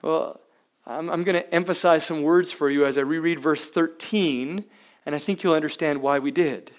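A man preaching a sermon as pastor, emphatic, with rhetorical questions and dramatic swings between loud and hushed delivery. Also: on the high side, moderate pace. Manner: uses rhetorical questions to the congregation.

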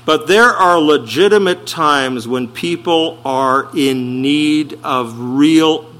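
A pastor delivers his sermon in an unhurried, deliberate way. His voice sits a little high and sounds bright and forceful. He leans on key words and puts rhetorical questions to the congregation. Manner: emphatic preaching with slowed, stressed phrases and rhetorical questions.

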